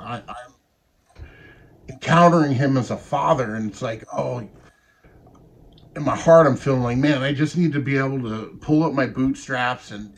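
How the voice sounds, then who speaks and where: Guy in his 40s telling a faith story, slow and halting, lots of ums, bit of hiss behind. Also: mid-range voice, rough recording. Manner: halting and tender, many pauses and fillers. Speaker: guest sharing a faith story. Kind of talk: personal testimony.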